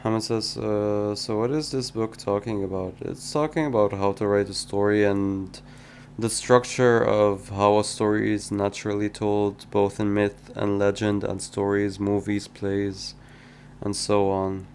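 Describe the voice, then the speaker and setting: A man talks through a live stream in a slow, drawn-out way, reading out messages from viewers and answering them with hesitant, thinking-aloud replies. His voice sits fairly low. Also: level tone, a little mellow, a little hiss or hum. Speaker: indie game developer streaming his work. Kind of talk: casual live-stream chat.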